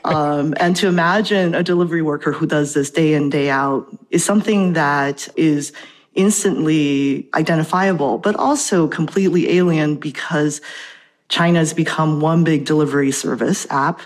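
A woman professor and translator, explaining things clearly in an interview over a remote connection. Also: deep voice, normal speed. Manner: articulate, explanatory, reads poetry aloud. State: out of breath.

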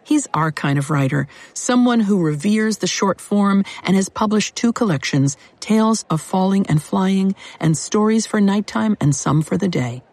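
A woman host giving a scripted, measured introduction. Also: mid-range voice, expressive, darkish tone, no room sound.

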